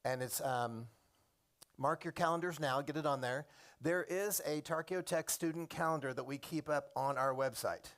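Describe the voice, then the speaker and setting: Gravelly-voiced man giving a chatty class briefing. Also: a little high, moderate pace, fairly bright tone. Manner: chatty, digressive, addresses students by name. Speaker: program coordinator and former teacher. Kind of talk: classroom orientation talk.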